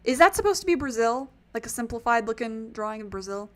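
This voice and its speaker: A woman's voice: fairly high pitch, lively intonation, fast. A woman streamer giving casual let's-play commentary, rambling with laughing asides. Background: game music.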